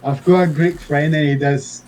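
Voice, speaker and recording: A man's voice: a little high, fairly even intonation, normal speed, darkish tone, poor audio. A man playing a tabletop game, chatting casually and playfully asking the game master questions. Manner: playful, asks rules questions. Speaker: player.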